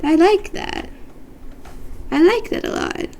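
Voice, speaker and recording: A woman's voice: extremely high pitch, expressive, slow pace, vocal fry, a little mellow. A woman streamer chatting casually with her viewers from her room, rambling and playful, often joking at her own expense. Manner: rambling, playful, self-deprecating.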